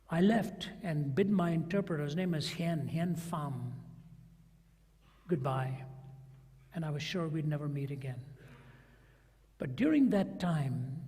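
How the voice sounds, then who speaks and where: A man's voice: a little high, breathy edge. An older man preaching a sermon, telling stories and acting out the voices of the people in them. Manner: animated storyteller who acts out quoted voices. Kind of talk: sermon storytelling. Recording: long hall reverb.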